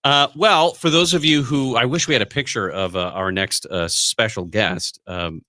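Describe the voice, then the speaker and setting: A male radio host in casual chat, rambling and halting with lots of fillers. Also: medium pitch, sharp tone, no room sound. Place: radio studio.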